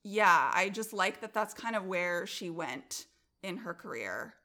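A woman's voice: lowish voice, animated, unhurried, sharp tone. A woman co-hosting a podcast, talking casually and enthusiastically about a movie, with lots of filler words. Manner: enthusiastic, many filler likes. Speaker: podcast co-host. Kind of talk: casual film discussion.

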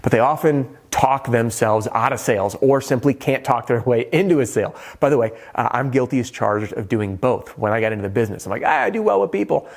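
A man's voice: mid-range voice, a little fast, few pauses. A middle-aged man coaching on roofing sales, talking energetically and shifting his tone and pace to make his points. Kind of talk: coaching monologue to camera.

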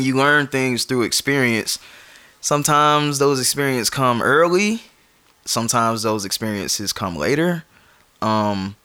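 A man's voice: fairly low pitch, sharp tone. Laid-back joking male podcast co-host. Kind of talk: casual chat.

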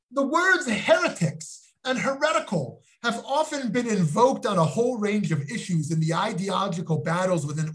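A middle-aged man, a rabbi, giving a scholarly lecture in an earnest way, with frequent restarts and a personal story. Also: high-pitched. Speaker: rabbi teaching a class. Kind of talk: recorded lecture with personal anecdote.

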